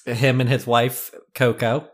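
A man's voice: medium pitch, little pitch movement, takes it slowly. A man co-hosting a podcast in casual chat, teasing and laughing often. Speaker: podcast co-host.

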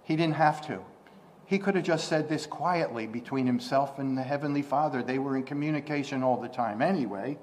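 A man preaching a conversational sermon, asking rhetorical questions and restarting often, rising in pitch and volume when he quotes scripture. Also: animated, moderate pace.

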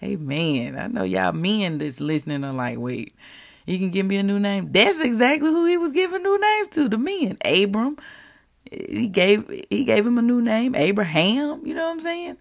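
A woman hosting a podcast, giving a casual, preacherly faith devotional in an animated, folksy way. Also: fairly high pitch, moderate pace, creaky. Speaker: podcast host.

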